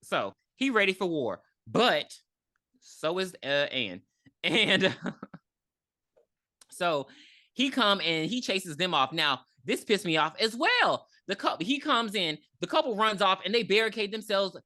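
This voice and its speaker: A woman co-hosting a podcast, recapping a horror movie in a casual, profane, animated way with acted-out quotes. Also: medium pitch, unhurried, no room sound, studio quality. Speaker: podcast co-host.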